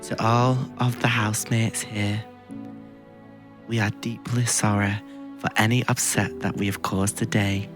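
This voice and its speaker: A man's voice: fairly low pitch, flat delivery, a little slow, over music, close to an everyday voice. A man putting on a woman's mock-sorry apology in a Manchester accent. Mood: mock-contrite. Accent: attempted Manchester accent. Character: woman reality housemate reading an apology.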